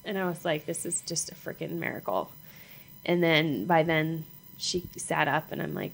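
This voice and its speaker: A middle-aged woman tells a personal story in a low, gravelly voice. She speaks haltingly, repeating herself and acting out what each person said. Her voice has a steady rasp of vocal fry. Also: low-quality recording. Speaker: mother sharing her story.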